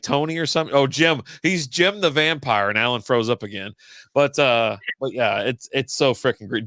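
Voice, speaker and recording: A man in a relaxed podcast chat. He rambles, curses casually and loses his train of thought easily. His voice is average in pitch, and the dry recording has no room echo. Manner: loose, rambling, swears and laughs often. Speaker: podcast co-host.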